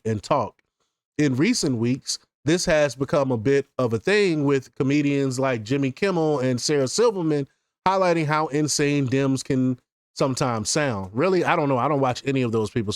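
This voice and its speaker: A male commentary host reads out news quotes and tacks on his own laughing remarks. He speaks at a medium pitch, occasionally stumbling and repeating words. The recording is dry, with no room echo.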